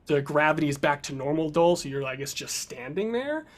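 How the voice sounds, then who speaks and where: A man's voice: a little high, lively intonation, a little fast. A man narrating a tabletop game as game master, with loose, filler-heavy narration.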